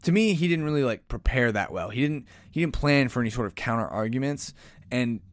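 A man talks through his opinions in a loose, animated solo podcast, often sighing, restarting and correcting himself mid-sentence. His voice sits in an ordinary middle pitch. The sound is dry and close, with no room around it. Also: a little fast, dry recording. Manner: animated, rambling, self-correcting with sighs and restarts; says he is aggressive and in your face. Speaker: podcast host. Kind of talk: casual solo commentary.

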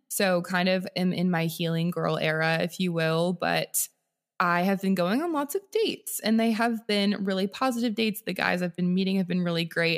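A woman's voice: lowish voice, gravelly. A young woman co-hosting a podcast in a chatty, giggly, casual way. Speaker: podcast co-host. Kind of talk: casual chat.

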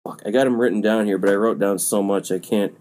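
A man's voice: steady tone, quick pace, a little mellow. A young man co-hosting a casual podcast, sarcastic and crude as he picks apart a movie. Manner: crude, sarcastic, mocks voices in high squeaks. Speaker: podcast co-host.

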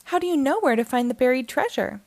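Woman doing a curious little girl asking questions, high and bouncy. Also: lively intonation, fast talker, dry recording.

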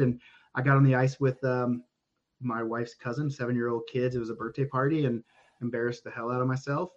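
A man's voice: medium pitch, flat delivery, fairly quick, a little hiss or hum. A man from Oklahoma, a podcast guest telling stories casually, rambling with many restarts and casual swearing. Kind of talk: casual storytelling.

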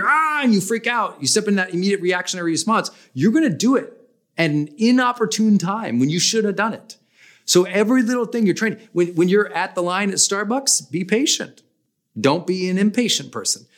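A man's voice: fairly high pitch, a bit bright. A man hosting a podcast, giving motivational talk with emphatic stress that jumps up on key points. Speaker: podcast host.

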